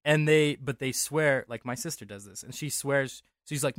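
A man's voice: mid-range voice, normal speed, no room sound, studio quality. A young man from Denver co-hosting a casual podcast chat, rambling and correcting himself as he jokes. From Denver, USA. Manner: rambling, self-correcting, jokey. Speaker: podcast co-host.

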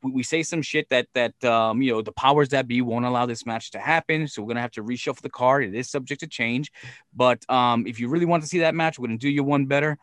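A podcast guest tells a long story in a fast, mid-range male voice, recorded with no room sound. He's casual and animated, swears often, and acts out the other people's lines in their own voices.

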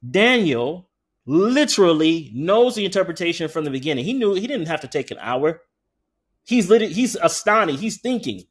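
Animated, conversational male preacher. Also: sits high, slightly rough. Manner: conversational, animated preaching with frequent asides to the congregation; slows way down to read scripture aloud. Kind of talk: sermon.

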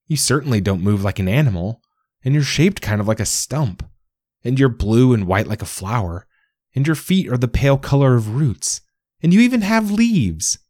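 A man's voice: medium pitch, sing-song, normal speed, darkish tone, dry recording, studio quality, pitched above the performer's own voice. A man voicing a timid, eager young male basil plant in a storybook reading, pleading and apologetic. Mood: curious.

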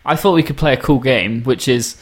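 A man's voice: mid-range voice, a little fast. Casting: British male podcast host, playful and joking, laughs easily, casual chat. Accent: British English. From England.

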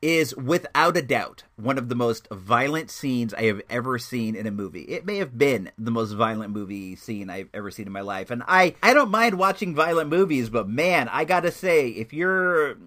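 Young male vlogger, chatty movie reviewer, middle-pitched voice with a lively, animated delivery. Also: moderate pace, hardly any pauses. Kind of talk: casual movie review vlog.

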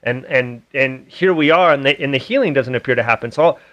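A man's voice: mid-range voice, a little fast, a bit bright, dull audio. A man hosting a podcast, telling a personal story candidly and swearing freely in casual conversation. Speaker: podcast host.

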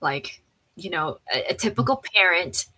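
A woman guest telling a personal story in an animated way, acting out the voices of people she quotes, with frequent fillers and restarts. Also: on the low side, moderate pace, husky, rough recording. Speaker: interview guest.

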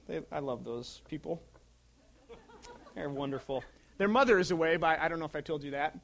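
A man in his thirties preaching a sermon as pastor, in a conversational way that swings from loud emphasis to hushed asides. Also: on the high side, moderate pace, creaky, long pauses.

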